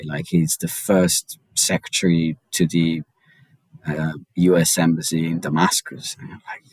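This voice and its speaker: Guest journalist: deep-voiced man, quick and stammering storyteller. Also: darkish tone, dry recording, rough recording. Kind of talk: casual interview chat.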